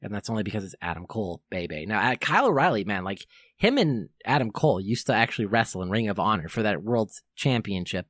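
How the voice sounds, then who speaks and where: A man's voice: lowish voice, sing-song, fast, a bit bright, no echo. A young man hosting a podcast, giving an enthusiastic fan's countdown commentary that rambles with fillers and self-corrections. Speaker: podcast host.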